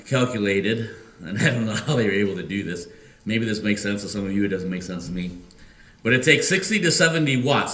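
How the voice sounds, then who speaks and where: A Midwestern American man preaching a sermon as pastor, halting often with fillers and restarts. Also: on the low side. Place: church sanctuary. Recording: echoey church room.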